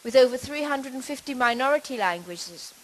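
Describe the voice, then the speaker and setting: Woman, middle-aged, lecturing on stage, measured explanatory delivery, slightly high voice. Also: lively intonation, slight background noise, poor audio. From Britain. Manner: measured, explanatory, with occasional restarts. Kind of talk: conference talk on language.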